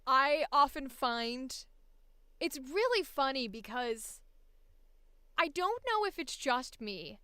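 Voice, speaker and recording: A woman voice actor in a casual, animated chat about voice acting, laughing often as she talks. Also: sits high, slow pace, dry recording.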